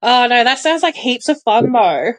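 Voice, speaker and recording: A woman's voice: a little high, very animated, normal speed. A woman co-hosting a podcast, giving short supportive reactions in casual chat. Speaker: podcast co-host.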